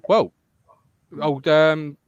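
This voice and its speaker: A man's voice: a little high, fairly even intonation, extremely slow, clear, resonant tone, no echo, dull audio. A man hosting a casual football podcast, chatty and joking and laughing often. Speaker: podcast host.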